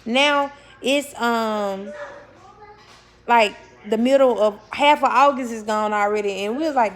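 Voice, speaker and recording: A young woman with a slightly high voice speaks casually to her viewers about spiritual matters. She is blunt and swears freely. She often repeats words for emphasis, corrects herself mid-sentence and laughs as she talks. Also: measured pace. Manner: laughs while talking, self-correcting. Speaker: spiritual vlogger. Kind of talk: casual spiritual talk to camera.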